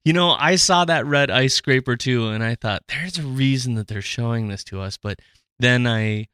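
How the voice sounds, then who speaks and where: A man co-hosting a podcast, chatting casually, excitable and jokey. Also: mid-range voice, moderate pace, clean tone, no echo, studio quality. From Irish descent. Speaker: podcast co-host.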